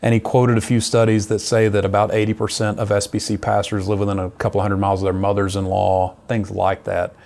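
A middle-aged man, a missionary, telling his personal testimony in an earnest, lively conversational way. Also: on the low side, fairly quick, creaky, hardly any pauses. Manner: earnest storyteller, lively retelling.

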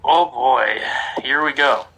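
A man's voice: mid-range voice, takes it slowly, sharp tone, slight background noise, rough recording. A man co-hosting a casual podcast, telling stories in a rambling way full of fillers. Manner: rambling, filler-heavy storyteller. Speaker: podcast co-host.

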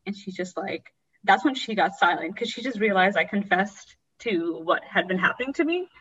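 A young woman talking through a painful personal story in conversation, earnest and halting, with lots of "like" fillers. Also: medium pitch, expressive, fairly bright tone, breathy edge, lo-fi sound. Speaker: guest sharing her story.

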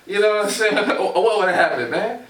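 A man's voice: sits high, moderate pace, fairly bright tone, distant mic. A man co-hosting a casual podcast chat, arguing his point with lots of rhetorical questions and "you know what I'm saying". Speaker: co-host. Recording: echoey room, voice off-mic, faint noise.

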